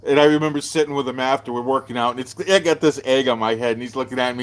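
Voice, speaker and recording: A man's voice: fast, few pauses. Man spinning a martial arts yarn. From Texas. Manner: animated storyteller, jumps up in pitch for quoted voices. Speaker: martial arts show host. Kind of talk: casual storytelling to a live stream.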